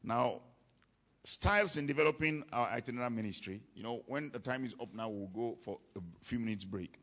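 Man, preacher, sermon, emphatic, repeats lines, raspy, breathy. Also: medium pitch, fairly quick, a bit bright. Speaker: preacher teaching on ministry.

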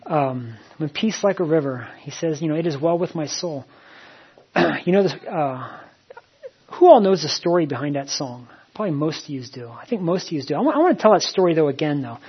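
Husky-voiced man preaching a sermon. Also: on the high side. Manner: repeats phrases, many "you know" fillers. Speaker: pastor. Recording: slightly dull, muffled recording.

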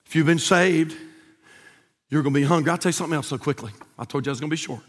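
A man preaching a sermon in a church, swinging from hushed asides to shouted appeals. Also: fairly high pitch, racing, long reverb tail. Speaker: pastor. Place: church sanctuary.

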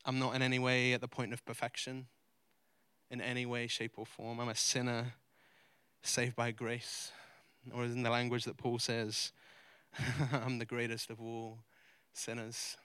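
A male pastor preaching a sermon, earnest and confessional, moving between loud emphatic preaching and quiet, vulnerable admission. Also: mid-range voice, monotone, measured pace, smooth, dry recording. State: close to tears. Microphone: handheld or stage mic.

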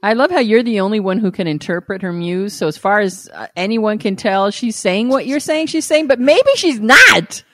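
A woman's voice: medium pitch, expressive, fairly quick, few pauses, dry recording. A woman co-hosting a podcast, teasing her partner in casual chat, laughing readily and giving frank relationship advice. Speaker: podcast co-host.

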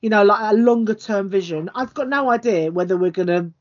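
A woman's voice: mid-range voice, brisk, lo-fi sound. A woman co-hosting a casual football podcast, speaking in an articulate, chatty way. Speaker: podcast co-host. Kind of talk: casual chat.

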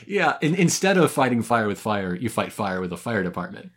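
A man co-hosting a casual recap podcast, his voice rising and falling in a lively way. He cracks wry jokes, laughs easily and throws in playful asides. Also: fairly low pitch, a little fast. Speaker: podcast co-host.

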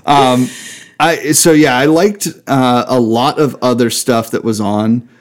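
A man's voice: medium pitch, steady tone, takes it slowly. Enthusiastic man co-hosting a chat. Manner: enthusiastic, swears freely. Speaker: podcast co-host. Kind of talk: casual chat.

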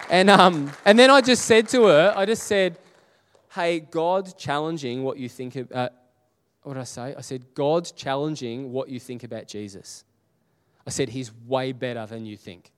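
A man's voice: mid-range voice, animated, measured pace, a bit bright, smooth. A middle-aged man preaching a sermon in a church auditorium, telling stories in a conversational way with many restarts and acted-out quotes. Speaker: pastor. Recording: reverberant church hall.

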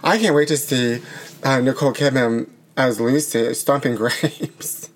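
A sassy, campy man co-hosting a casual comedic chat. He riffs quickly from joke to joke in an ordinary mid-range voice. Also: medium pitch, fairly even intonation. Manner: campy, sassy, fast riffing. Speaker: podcast co-host.

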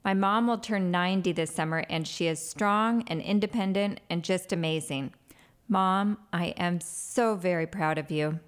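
A woman's voice: lowish voice, normal speed, clear, resonant tone. Woman reading an earnest tribute. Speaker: caller sharing a tribute.

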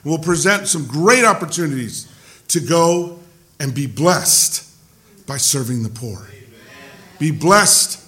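A middle-aged man delivers a sermon in a high, sharp-edged voice. His pitch swings widely as he talks, and he keeps restarting phrases before punching key lines with a shout. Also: expressive, slow pace, pauses often. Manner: conversational with frequent restarts, bursts of shouting for emphasis. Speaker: pastor.

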